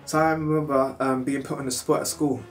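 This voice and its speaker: British male vlogger with an easygoing storytelling style and a mid-pitched voice, recorded a bit away from the mic over faint music. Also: brisk, distant mic. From United Kingdom. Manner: chatty and animated, slips into loud film impressions. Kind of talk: casual storytelling.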